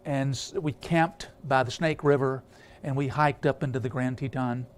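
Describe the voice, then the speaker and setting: A man's voice: mid-range voice, fairly even intonation, moderate pace, a little hiss or hum. A man preaching a storytelling sermon, rambling with many filler sounds and restarts.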